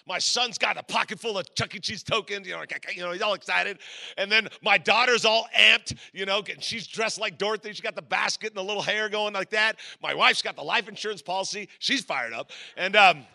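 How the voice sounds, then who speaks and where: Animated, gravelly-voiced bright male pastor. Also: high-pitched, a little fast. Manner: animated storyteller acting out voices, sudden shouts. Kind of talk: storytelling sermon.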